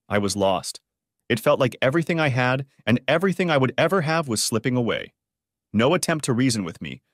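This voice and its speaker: A man reading a first-person story aloud in a dramatic, expressive way. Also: medium pitch, no echo, clean studio sound. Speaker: story narrator.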